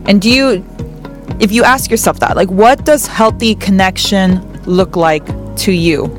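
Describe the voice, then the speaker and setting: Slow, gentle woman giving tarot advice. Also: medium pitch, faint music behind. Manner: gentle, earnest, repeats words for emphasis. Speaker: host of a tarot reading show. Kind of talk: reflective spiritual advice talk.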